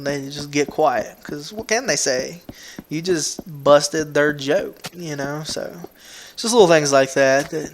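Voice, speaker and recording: A man's voice: on the high side, moderate pace. A man with a Southern US accent who hosts a gaming video, rambling through casual commentary at a home computer mic. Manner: rambling, repeats words and restarts, laid-back.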